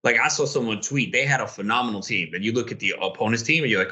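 A man in casual podcast chat, commenting in a laid-back, agreeable way on a rough fantasy football week. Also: fairly low pitch, fast talker, pushed and bright. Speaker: podcast co-host.

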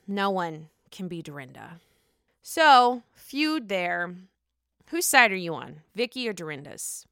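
Young woman gossip host, sassy and swearing, bright clear voice, lively pitch, dry sound. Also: no room sound. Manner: sassy, profane, expressive. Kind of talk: casual gossip commentary.

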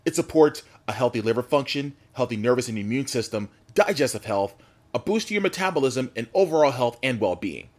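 A male podcast host with a mid-range voice reads a sponsor message and then turns back to his guest with questions. He speaks deliberately and slows down to spell out the details. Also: mid-range voice, lively intonation, darkish tone. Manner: deliberate, spelling things out slowly in the ad read. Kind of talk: casual interview talk and read sponsor spot.

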